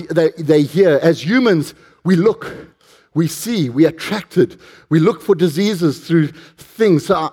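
A man's voice: on the high side, a little mellow. A man preaching a sermon, telling stories with animation and putting questions to the congregation.

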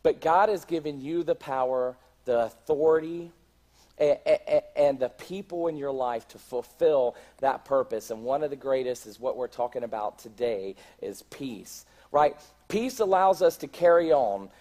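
A man's voice: mid-range voice, normal speed, darkish tone. A middle-aged man preaching in a church, speaking conversationally, often restarting his words and asking the congregation questions. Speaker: pastor. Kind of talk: sermon.

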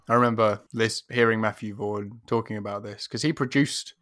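A man's voice: on the low side, fairly even intonation, moderate pace, a bit bright, dry recording. Man, dry close film talk. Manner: thoughtful, joking asides. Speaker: podcast guest, film scholar. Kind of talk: casual film chat.

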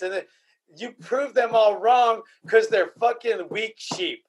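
A podcast host in casual chat, emotional and profane, often repeating himself. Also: male voice, high voice, unhurried.

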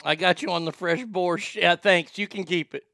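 Gravelly, bright-voiced mocking podcast host. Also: male voice, high-pitched, fairly even intonation, normal speed, no room sound, studio quality. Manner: loud, mocking, laughs at his own jokes. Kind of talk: casual comedic commentary.

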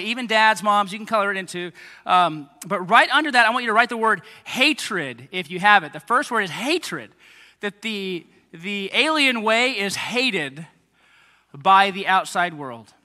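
Man, pastor, kids' sermon, high and very bright voice, long hall reverb. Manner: lively, chatty asides to kids and parents. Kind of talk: sermon to children and families. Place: church hall.

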